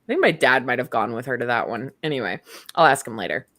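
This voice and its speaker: A woman's voice: a bass voice, lively intonation, fast, fairly bright tone. A young woman co-hosting a true crime podcast, telling the story casually and acting out the quotes with laughs. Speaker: podcast co-host.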